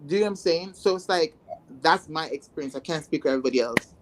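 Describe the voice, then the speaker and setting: In a low voice at a quick pace, a Jamaican trans woman narrates her life in casual conversation. She's animated throughout, performing her past thoughts with exclamations.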